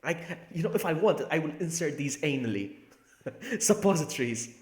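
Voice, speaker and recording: Speaking at normal speed in a fairly high pitch, a man live-streams a video game and commentates on the action. Excitable and joking with his chat, he laughs often, and the room sounds echoey with a little background noise.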